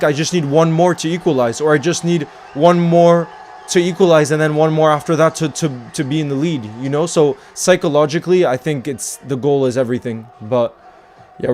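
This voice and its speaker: A man watching a football match and reacting live, talking to the screen and erupting into shouts when his team scores. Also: a little high, a little hiss or hum. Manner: excitable, talks to the screen, erupts into shouting at goals.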